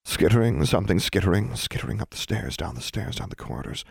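A man voicing a proud old witch in a painted portrait, with a high, quavering voice that rises into wails. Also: big pitch swings, quick pace, creaky, husky, no room sound, clean studio sound, full character voice. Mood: frightened. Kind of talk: audiobook character voice.

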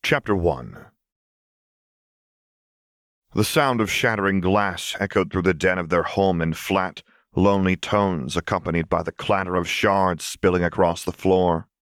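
A man with a very deep voice narrates fan fiction like an audiobook, calm and measured in his storytelling. The scripted reading is recorded close and dry, with no room sound or echo.

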